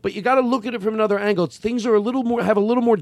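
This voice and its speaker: A man's voice: sits high, steady tone, racing, a little mellow, no echo. A man with a Philadelphia accent, hosting a casual chat, talking in a rambling, self-correcting way and swearing freely. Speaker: podcast host.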